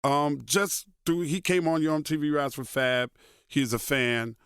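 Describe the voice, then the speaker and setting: A man, a radio personality telling stories as a guest in a casual interview, animated and swearing freely. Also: fairly high pitch, unhurried, smooth, no echo, clean studio sound. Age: 50s. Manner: profane, animated storyteller who voices others in quotes.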